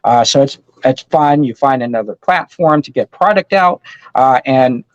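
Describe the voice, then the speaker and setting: A man in his fifties, a comic store owner guest, telling a story in an animated, excited way over a call. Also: medium pitch, normal speed, no room sound, lo-fi sound. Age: 50s. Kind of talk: casual storytelling.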